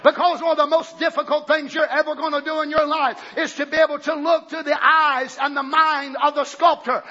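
A man preaching a sermon with fervent shouting and exclamations of praise, in a dull lo-fi recording. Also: very high voice.

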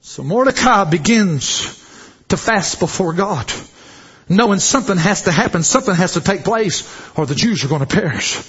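A man preaching a sermon, fervent and often shouting, with repeated exhortations to the congregation. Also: high voice, lively intonation, normal speed, husky. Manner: fervent, shouting exhortation with call-and-response phrases. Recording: dull lo-fi recording.

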